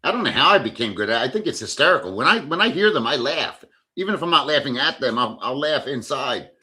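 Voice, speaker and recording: Man, livestream host, lively swinging pitch, bright forceful tone, casual swearing storyteller. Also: fast. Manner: animated storyteller who reads chat aloud; swears freely. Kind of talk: casual live-stream chat.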